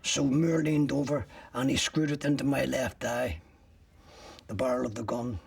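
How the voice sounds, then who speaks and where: Older man, gravelly, blunt, graphic storytelling, set back from the mic. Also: mid-range voice, steady tone, moderate pace, no echo, recorded from a distance. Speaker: interviewee. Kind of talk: recounting a personal ordeal.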